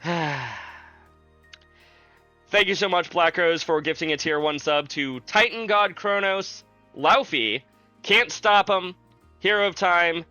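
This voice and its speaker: A man's voice: high voice, bright, forceful tone, no echo, faint music behind, poor audio. Joking sarcastic male streamer. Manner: joking, sarcastic, drawn-out asides to chat. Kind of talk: casual livestream gameplay chat.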